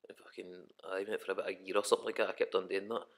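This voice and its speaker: A man's voice: deep voice, little pitch movement, racing. A young Scottish man, a rapper guest on a podcast, talking in a rambling, casual way and swearing often. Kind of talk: casual chat.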